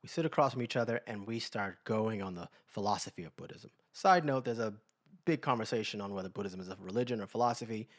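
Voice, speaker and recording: Low-voiced man telling stories. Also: fast. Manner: animated storyteller acting out quoted voices. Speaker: podcast co-host. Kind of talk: casual storytelling chat.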